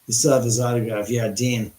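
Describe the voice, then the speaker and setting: Excitable, rambling male livestream host, mid pitch, in an echoey room. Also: moderate pace. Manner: rambling, excitable, many restarts and profanity. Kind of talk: live-stream storytelling. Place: his house.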